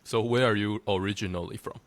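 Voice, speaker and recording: Brief: male interviewer, very low voice, relaxed short reactions and simple questions. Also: a little fast, no room sound. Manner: short reactions, easy questions, laughs along. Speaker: interviewer, channel host. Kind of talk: casual interview.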